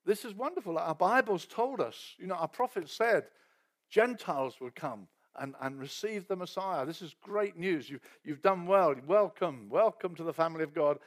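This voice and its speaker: A man's voice: sits high, expressive, moderate pace. A man preaching, voicing gushing early teachers who welcome newcomers in a raised voice. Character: eager, gushing early Jewish-Christian teachers, male.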